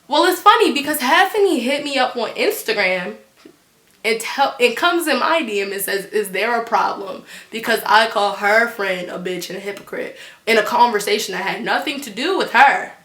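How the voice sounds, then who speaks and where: A teenage girl telling a storytime on her vlog, animated and blunt, swearing freely. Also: a little high, moderate pace, reverberant. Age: teens. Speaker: vlogger.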